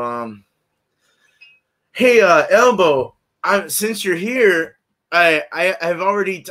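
A man's voice: on the high side, sharp tone. A man hosting a live beer review from his home, chatting casually in a rambling, laid-back way and laughing often as he greets viewers by name. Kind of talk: casual live-stream chat. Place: at home, indoors.

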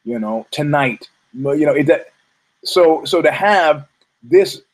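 A man's voice: a little high, lively intonation, slow, low-quality recording. Rambling, profane male storyteller. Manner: rambling, profane, many restarts. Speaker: host.

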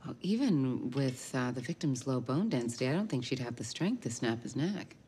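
An actress playing a calm, practical female lab colleague who speaks firmly. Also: very deep voice, moderate pace, a little hiss or hum. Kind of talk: TV drama acting. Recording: TV soundtrack with music underneath.

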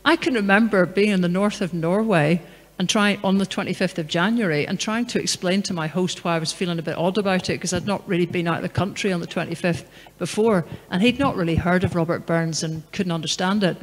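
In a large hall, a middle-aged woman gives a lecture and answers Q&A in a conversational, anecdotal and emphatic way. Her voice is lowish and fairly quick, with long hall reverb on the recording.

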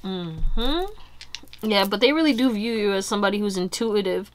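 A young woman giving a casual pick-a-card tarot reading, chatty and animated, full of fillers and asides to her viewers. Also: medium pitch, normal speed, a little hiss or hum. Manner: chatty, animated, fillers like "you know" and "y'all". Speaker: tarot reader.

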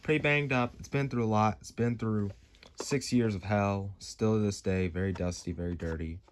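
A young man casually reviewing his toy truck. He rambles and jokes, jumping between loud bursts and mumbled asides. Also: lowish voice, steady tone, normal speed, slight background noise. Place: home room.

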